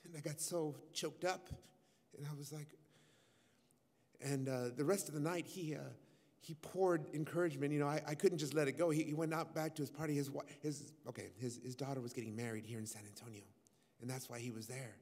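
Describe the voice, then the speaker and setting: A man's voice: a little high, steady tone, fairly quick, a little mellow. A man, a worship musician, earnestly telling a personal testimony to a congregation in a conversational way. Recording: long hall reverb, faint music.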